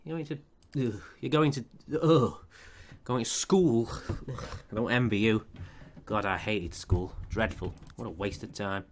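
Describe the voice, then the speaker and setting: A man's voice: fairly low pitch, a little slow, a little hiss or hum. A man commentating over a life-sim game, sarcastic and profane as he scolds the characters. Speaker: let's play commentator.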